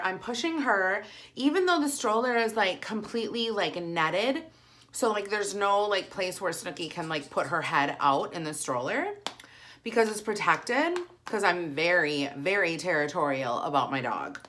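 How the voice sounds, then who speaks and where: A woman, telling a story in a chatty, animated vlog style. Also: mid-range voice, unhurried. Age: 40s. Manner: animated, chatty, heavy use of "like". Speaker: vlogger. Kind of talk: casual storytelling while eating.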